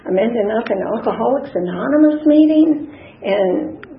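Gravelly-voiced woman telling her story. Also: on the high side, animated, moderate pace. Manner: plain, earnest storytelling with many fillers. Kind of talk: personal recovery story. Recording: slightly dull lo-fi recording with faint noise.

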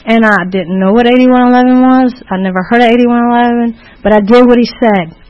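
Woman speaker, personal recovery testimony, candid and unpolished, slightly high voice, dull lo-fi sound. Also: fairly even intonation, a little fast. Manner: candid, rambling storytelling with many restarts.

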